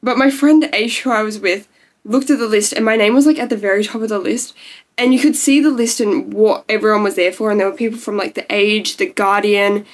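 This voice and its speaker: A woman's voice: medium pitch, fairly even intonation, a little fast. A young woman vlogging to camera in a gushing, emotional way, peppered with "like", close to tears. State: tearful. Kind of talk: casual talking-to-camera vlog.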